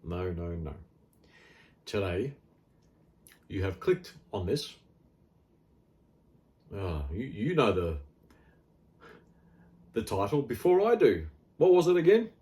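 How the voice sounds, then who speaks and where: A man's voice: lowish voice, very animated, slow, pauses often, mellow. Rambling middle-aged Australian man. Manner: rambling, frequent fillers, blunt and wry. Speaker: health vlogger. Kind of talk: casual monologue.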